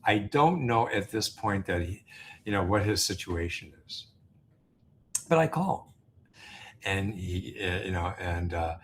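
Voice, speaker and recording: A man with a fairly low voice tells a story as an interview guest, casual and anecdotal. He stumbles through fillers and restarts but stays animated. A faint hum sits under the recording. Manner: halting, many fillers and restarts. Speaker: interview guest, business founder.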